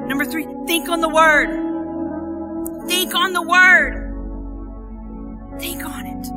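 A woman preaching a sermon at a church service. She repeats phrases for emphasis and swings from hushed, soft lines to loud, emphatic preaching. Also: high-pitched.

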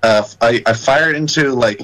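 A man's voice: medium pitch, brisk, a bit bright, low-quality recording. A young man playing a tabletop game, hesitant and saying 'like' a lot. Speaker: player. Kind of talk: casual tabletop play.

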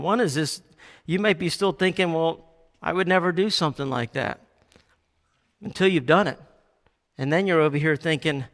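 A male pastor preaching a sermon, animated, acting out quoted Bible lines with a raised voice. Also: a little high. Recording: long hall reverb.

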